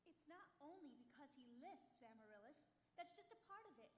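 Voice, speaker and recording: A woman's voice: high-pitched, sing-song, brisk, a little hiss or hum. A woman playing a prim young librarian who corrects grammar, performed on stage in a musical. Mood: gentle. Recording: echoey theatre hall with music.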